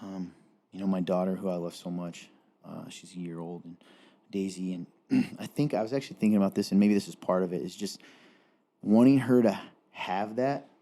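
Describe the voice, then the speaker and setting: Young Appalachian man, podcast co-host; low, mellow voice, earnest and rambling. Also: fairly even intonation, moderate pace. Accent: Appalachian Southern. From Eastern Kentucky. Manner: earnest, rambling, with many restarts. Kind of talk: casual faith chat.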